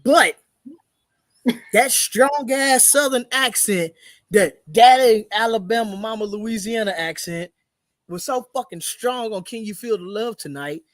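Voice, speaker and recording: A man's voice: high voice, unhurried, no echo. A man co-hosting a casual podcast, ranting in a heated, profane way. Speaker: podcast co-host.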